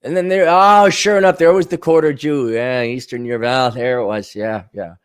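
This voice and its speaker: A man's voice: medium pitch, steady tone, moderate pace, smooth. A middle-aged man from Minnesota hosting a podcast, ranting casually, swearing and mocking with sarcastic impressions. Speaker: podcast host. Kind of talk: casual monologue.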